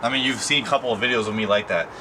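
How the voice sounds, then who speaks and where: A man's voice: mid-range voice, very fast. A young man chatting casually to his camera, rambling with lots of fillers and slang. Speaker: vlogger. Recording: steady background noise.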